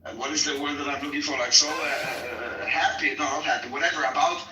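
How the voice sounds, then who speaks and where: A man's voice: fairly high pitch, fairly even intonation. A man in a heated debate who insists on his points but often stalls, searching for words. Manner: insistent but halting, many fillers and restarts. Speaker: debater in an online voice room. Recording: distant, roomy, faint noise.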